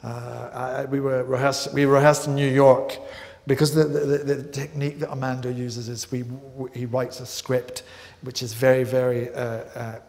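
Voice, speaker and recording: A male actor recounting anecdotes on stage with lively, self-mocking energy. His mid-range voice has a slight gravelly edge, and a long hall reverb trails each phrase. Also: mid-range voice, normal speed. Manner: lively storyteller, mimics others, self-deprecating. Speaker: actor and interview guest.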